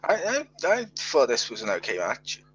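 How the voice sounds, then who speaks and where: A man co-hosts a casual wrestling podcast and gives blunt, opinionated takes with a joke now and then. His pitch moves up and down a lot as he talks. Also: huge pitch swings, moderate pace, a bit bright, slightly rough, faint music behind, poor audio. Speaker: podcast co-host.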